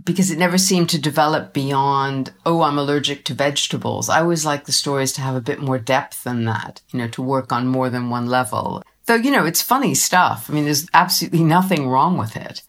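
A woman with a low voice chats as a guest in an interview. She is animated and laughs easily. She talks about her writing in a relaxed way. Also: fairly quick, few pauses. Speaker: children's author, interview guest. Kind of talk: casual interview chat.

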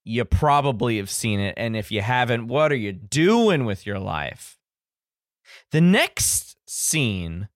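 A male podcast host speaks slowly, his pitch swinging up and down. He jokes and restarts his sentences in a dry, close recording. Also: dry recording. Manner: joking, hesitant, with restarts. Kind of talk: casual podcast chat.

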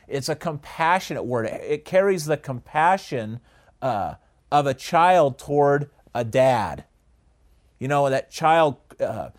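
A man teaching a Bible study in a conversational way, often asking the listeners questions and pausing on "uh". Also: medium pitch. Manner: conversational, asks the audience questions, frequent uh fillers.

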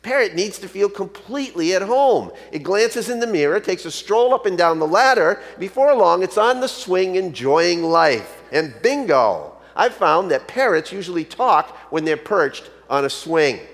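A man's voice: high-pitched, expressive, normal speed, few pauses. A man playing a confident pet store owner who talks in a persuasive, salesman-like way. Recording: long hall reverb.

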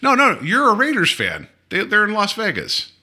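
A man co-hosting a casual podcast after a couple of hours of drinking, his voice bright and sharp. He rambles through stories and corrects himself constantly, with plenty of ums and likes. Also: high-pitched, huge pitch swings, normal speed, husky. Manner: rambling storyteller, lots of fillers and self-corrections. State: tipsy from drinking. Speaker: podcast co-host. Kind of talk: casual chat.

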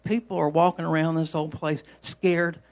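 A man with a slightly high voice and fairly flat pitch speaks at a normal pace, delivering a conversational sermon. He rambles and repeats himself while telling homespun stories.

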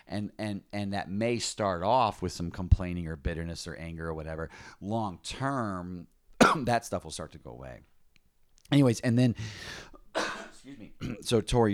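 Lowish voiced ministry guy chatting about prayer, rambly and honest, dry close sound. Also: dry recording. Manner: candid, rambling, frequent restarts and self-mocking asides. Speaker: ministry leader and podcast co-host. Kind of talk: casual faith talk.

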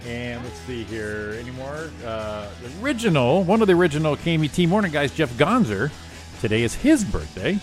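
A man's voice: medium pitch, big pitch swings, brisk, soft background music. A man co-hosting a morning show, chatting casually in a jokey, rambling way with lots of fillers. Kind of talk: casual radio banter.

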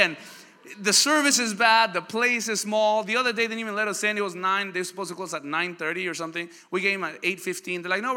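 A man preaching a sermon, telling lively stories and asking the congregation questions. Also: sits high. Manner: animated storytelling, asks the crowd questions. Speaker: pastor. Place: church hall. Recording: church hall reverb.

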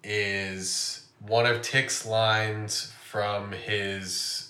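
A young man co-hosting a podcast, speaking in a dry, critical way. His voice sits fairly low but sounds bright and sharp. It rings in an echoey room. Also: level tone, very slow. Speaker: podcast co-host. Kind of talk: casual chat.

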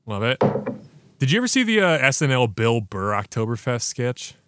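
A man's voice: medium pitch, sing-song, normal speed, a bit bright, smooth, no room sound, clean studio sound. A man hosting a podcast, chatting casually and enthusiastically through a beer review with slangy banter. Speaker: podcast host.

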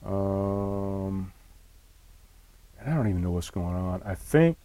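A podcast host talks loosely on his own solo show from inside a camper trailer, irritated, rambling, and cursing often, recorded on a laptop set on a tray in front of him. His voice is deep, dark, and smooth, with lively intonation and a slow pace. The recording is dry.

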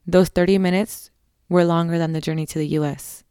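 A woman narrating a scripted horror story in a measured, somber way, close to the mic. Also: lowish voice, fairly even intonation, warm tone, smooth, dry recording.

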